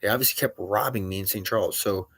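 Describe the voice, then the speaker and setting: A man's voice: lowish voice, fast, a bit bright, slightly rough, dry recording. A man talking in an agitated, profane, rambling monologue, often stopping to correct himself.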